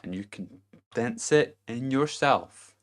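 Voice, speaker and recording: A young man giving a blunt, profane self-help monologue, laughing to himself and swinging between loud emphasis and low murmurs. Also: expressive, takes it slowly. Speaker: vlogger.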